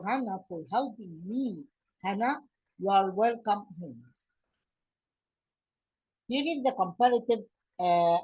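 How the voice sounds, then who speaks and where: A woman teacher with an Egyptian accent, explaining English grammar from slides, pausing often with fillers and restarts. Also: medium pitch, darkish tone, slightly rough, lo-fi sound. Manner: halting, many fillers and restarts. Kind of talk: slide-based grammar lesson.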